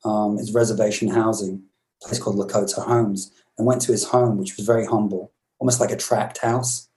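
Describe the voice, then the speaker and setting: Dark-voiced British man telling stories. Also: on the low side, flat delivery, fairly quick, poor audio. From Britain. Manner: rambling, reflective, with many restarts. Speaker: musician guest. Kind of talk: storytelling interview.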